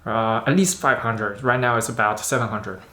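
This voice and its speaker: A man doing a casual unboxing vlog about camera gear, chatting in a halting way and thinking aloud as he handles the lens. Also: medium pitch, pushed and bright, a little hiss or hum. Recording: roomy echo.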